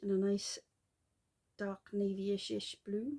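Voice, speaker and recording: A woman chatting casually in a craft vlog, rambling and self-deprecating with quick asides. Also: medium pitch, level tone, mellow. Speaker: flosstube vlogger. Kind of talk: casual chat.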